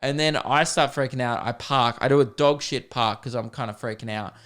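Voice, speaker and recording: A young podcast host with a clear, resonant voice, sitting neither high nor low in pitch. He tells an animated comic story, poking fun at himself and swearing casually as he goes. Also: brisk. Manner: animated, self-deprecating, sweary.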